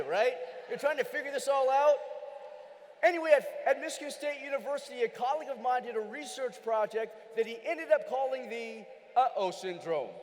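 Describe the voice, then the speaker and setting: A man delivering a motivational keynote with lots of energy, often rising to a shout as he questions the crowd. His voice is very high. Long hall reverb trails each phrase. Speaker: keynote speaker. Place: large convention hall.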